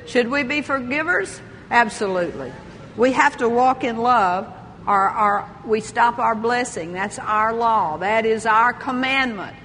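Excited older woman preaching, bright. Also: a little high, unhurried, in a large hall, a little hiss or hum. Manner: lively, laughs often, exclaims hallelujah. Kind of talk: sermon.

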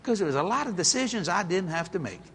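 Middle aged guy preaching, folksy storyteller, bright voice, pitch all over the place. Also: quick pace, slight background noise. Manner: animated and folksy, laughing at his own stories. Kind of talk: storytelling sermon.

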